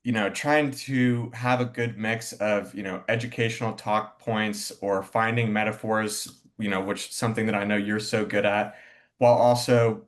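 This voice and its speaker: A man on a conference panel asking a long, halting question full of restarts. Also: on the low side, steady tone. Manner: halting, many fillers and restarts.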